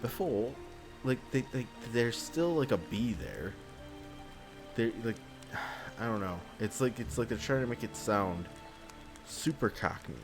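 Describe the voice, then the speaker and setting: A man's voice: medium pitch, expressive, measured pace, over music. A man hosting a game playthrough, ranting in an exasperated, rambling way and swearing often. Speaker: let's play host. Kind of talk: gameplay commentary, ranting.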